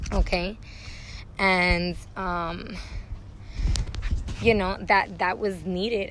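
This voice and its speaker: A woman's voice: on the low side, a bit bright, a little hiss or hum, poor audio. A woman who works as a spiritual healer, talking candidly and bluntly with frequent swearing in a casual vlog, recorded outdoors at a dog park.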